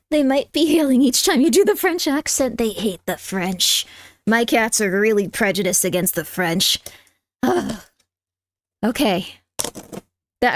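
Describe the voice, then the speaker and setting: A high-pitched woman streamer chatting live from her room at home. She rambles in a loose, friendly way, drops "like" into most sentences and breaks into sharp yelps at her cat. The sound is close and dry, with no room echo. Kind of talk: casual live-stream chat.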